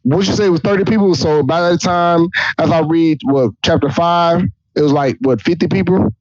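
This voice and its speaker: A man's voice: mid-range voice, darkish tone, dry recording. A man hosting a casual podcast, reading scripture aloud and mocking it in an irreverent, profane, joking way. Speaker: podcast host. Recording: dull lo-fi dry recording.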